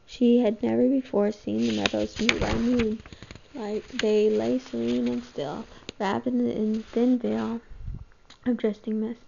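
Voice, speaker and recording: A woman reading a novel aloud with a gravelly voice, steady and even. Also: fairly high pitch, measured pace, slight background noise. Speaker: reader. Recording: dull lo-fi home recording.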